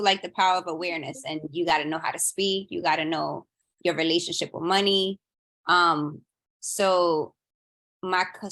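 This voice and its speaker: Bright-voiced woman telling a family story. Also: fairly low pitch. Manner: animated storyteller, acting out quotes. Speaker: audience member sharing a story. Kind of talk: casual chat.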